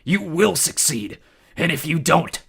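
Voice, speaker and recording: A man's voice: fairly high pitch, lively intonation, measured pace, vocal fry, a crowd in the background, voice pushed up. A man doing a growling, scornful war god. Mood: contemptuous. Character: brutal male war god, contemptuous father.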